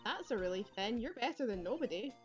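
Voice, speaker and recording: A woman's voice: fairly high pitch, animated, quick pace, natural voice. A woman voicing a pushy young woman seeking a lawyer in a game, reading her lines in an urgent, insistent way over faint game music.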